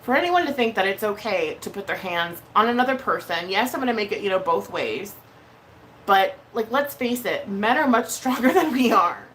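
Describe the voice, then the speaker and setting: A woman vlogger chatting casually on a live stream, blunt and heated, swearing often and pausing on fillers. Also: mid-range voice, animated, fairly bright tone, a little hiss or hum. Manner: emotional, hesitant with many fillers.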